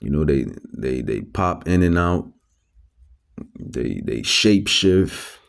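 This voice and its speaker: A man's voice: extremely low pitch, animated, takes it slowly, vocal fry. A man preaching a religious lesson, repeating words with many restarts and fillers, stressing scripture quotes. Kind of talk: religious teaching monologue.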